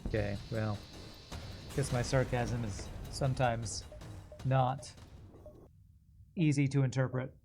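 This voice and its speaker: Male game streamer, mid pitch, sarcastic banter with viewers, background game music. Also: slow pace, long pauses. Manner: sarcastic, joking, talks to chat. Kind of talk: casual gameplay commentary with chat.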